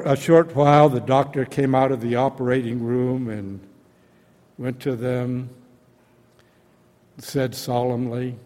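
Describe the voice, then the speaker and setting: A man preaching a sermon, retelling a story in a slow, deliberate, dramatic way. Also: mid-range voice, darkish tone. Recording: long hall reverb.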